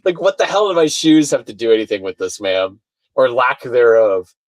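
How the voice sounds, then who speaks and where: A man chatting casually on a video call, telling a rant story with swearing and acted-out shouted quotes. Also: mid-range voice, big pitch swings, normal speed, dry recording, poor audio. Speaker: podcast guest. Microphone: video call mic, sounds far away.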